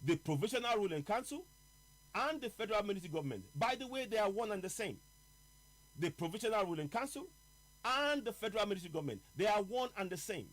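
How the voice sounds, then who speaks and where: A male host, running a live political talk broadcast and stressing his key points by repeating them slowly. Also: high voice, sing-song, fairly bright tone, low-quality recording.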